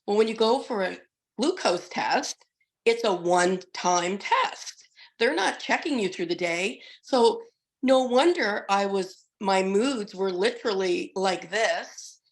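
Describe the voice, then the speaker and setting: Hoarse middle-aged woman, slow and gravelly. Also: mid-range voice, animated. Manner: chatty, with frequent restarts. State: hoarse from being sick. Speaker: customer giving a testimonial. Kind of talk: casual testimonial on a group call.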